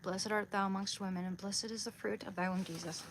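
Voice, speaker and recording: A woman on a casual livestream who reads aloud and prays, soft-spoken and halting, near tears. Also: mid-range voice, steady tone, slight background noise. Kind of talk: casual livestream chat and prayer reading. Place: small room at home.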